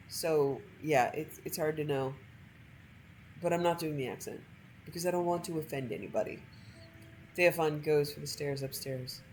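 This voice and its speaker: A woman gameplay streamer reading a story aloud from a game in a measured, expressive way. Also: deep voice, slight background noise, poor audio.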